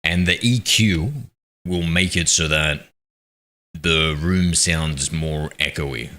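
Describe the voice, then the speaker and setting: His voice low but bright and forward, a man slowly chats on a game stream, reading viewers' messages out loud. The talk is rambling and self-deprecating, picked up by a streaming mic running a noise suppression filter.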